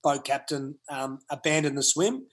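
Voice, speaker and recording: A man's voice: fairly high pitch, moderate pace. A laid-back Australian man in his forties, a podcast guest telling a story with many ums and uhs. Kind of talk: casual podcast chat.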